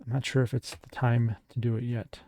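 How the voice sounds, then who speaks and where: A man's voice: mid-range voice, flat delivery, a little fast, mellow, no echo. A man narrating a solo tabletop game as game master, casual and meandering with many restarts.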